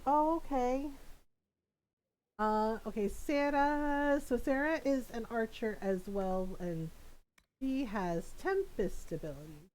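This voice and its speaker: Woman streamer rambling through a game, kinda high voice, laughs a lot. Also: takes it slowly, rough recording. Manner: animated, laughs often, quotes people in playful voices. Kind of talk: casual gameplay chat with chat readers.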